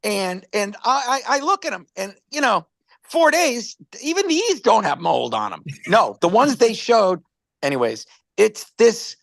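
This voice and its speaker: A man's voice: high-pitched, big pitch swings, a little slow, vocal fry, fairly bright tone, no echo. A man casually presenting a product on a live stream, rambling through stories and stumbling over repeated words.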